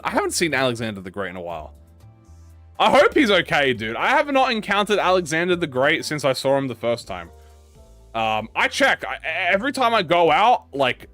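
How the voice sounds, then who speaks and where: Young man, gaming YouTuber, casual rambling story, profane, lively pitch swings, soft music underneath. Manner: profane, excitable, lots of restarts.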